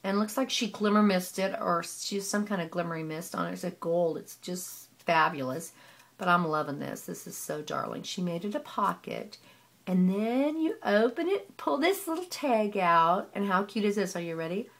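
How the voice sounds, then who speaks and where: A woman's voice: on the low side, animated, moderate pace, vocal fry, a bit bright. A woman gushing in a casual show-and-tell of handmade scrapbook pages, piling on praise and repeating words of delight. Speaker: scrapbooking vlogger.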